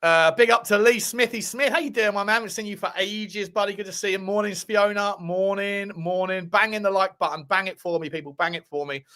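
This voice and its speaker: A man hosts a football live stream in a loose, joking way. He swears freely and says many phrases twice. His voice sits on the high side. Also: a little fast, few pauses, bright, forceful tone. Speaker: football podcast host. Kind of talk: casual live-stream chat.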